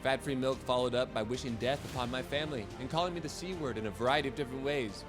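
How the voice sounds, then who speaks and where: A man's voice: mid-range voice, quick pace, music in the background. A man in his late twenties giving a wry, sarcastic scripted narration as a video host. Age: late 20s.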